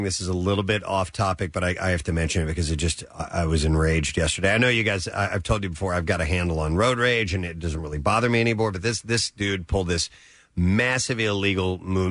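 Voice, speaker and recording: A middle-aged man, co-hosting a show and telling a story in a casual, animated way. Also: low voice, fast, dry recording, clean studio sound. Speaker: radio show co-host. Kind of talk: casual chat.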